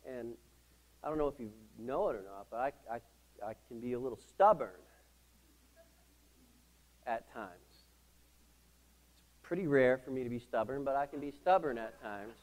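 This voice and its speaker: A pastor telling a self-deprecating story in his sermon, animated and asking the congregation questions. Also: medium pitch, measured pace, pauses often, rough recording. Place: church service.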